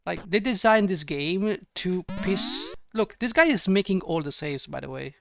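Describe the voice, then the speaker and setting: A man's voice: high-pitched, animated, normal speed, creaky, fairly bright tone. A man giving ranting gameplay commentary, exasperated and sarcastic, swearing often. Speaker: let's play gamer.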